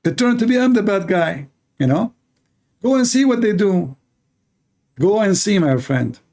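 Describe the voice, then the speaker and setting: A man with a slightly high voice and a sarcastic, mocking delivery. His English is broken and he restarts sentences often. He is hosting a polemical talk. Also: lively intonation, unhurried, darkish tone. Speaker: host.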